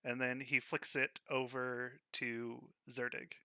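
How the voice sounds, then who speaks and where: A man narrating as game master for a tabletop game, relaxed and descriptive, with filler words. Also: mid-range voice, slow, smooth, no room sound, clean studio sound. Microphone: online voice call.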